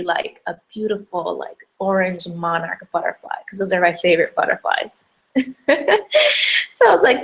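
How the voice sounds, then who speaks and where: A woman's voice: medium pitch, a bit bright. A young woman telling a personal faith story to camera, chatty and emotional, with many fillers. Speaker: hijab brand founder giving a faith talk.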